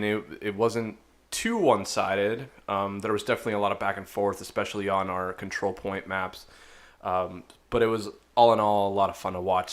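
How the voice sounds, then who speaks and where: Low-voiced man hosting an esports chat. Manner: relaxed, chatty, many fillers. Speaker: podcast host.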